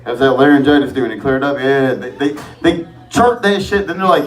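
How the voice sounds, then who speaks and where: A man at a medium pitch and normal pace does a loose, rambling, profane open-mic stand-up set in a comedy club. The audio is distant and echoey, with the crowd laughing.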